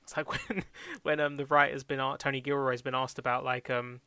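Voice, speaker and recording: A man's voice: mid-range voice, little pitch movement, brisk, pushed and bright, smooth, dry recording. A young man chatting casually about TV shows as a podcast co-host, rambling with lots of fillers, restarts and laughs. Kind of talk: casual chat reviewing TV shows.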